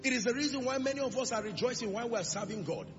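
A man's voice: extremely high pitch, lively intonation, very fast. A male preacher giving an emphatic sermon in a church, pressing the congregation with rhetorical questions. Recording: reverberant lo-fi hall recording with music.

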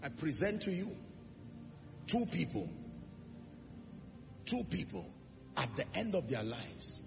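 Male preacher, high and gravelly, emphatic sermon delivery, echoing church hall with music underneath, dull lo-fi sound. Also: very animated, slow pace. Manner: emphatic preaching with rhetorical questions. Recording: reverberant lo-fi hall recording with music.

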